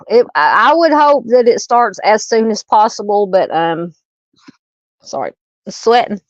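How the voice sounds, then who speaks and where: A woman's voice: mid-range voice, lively intonation, a little slow, no room sound, lo-fi sound. A middle-aged Southern woman hosting a live true crime stream, chatting casually, greeting viewers and reading comments in a rambling way with many fillers and restarts. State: hiccups.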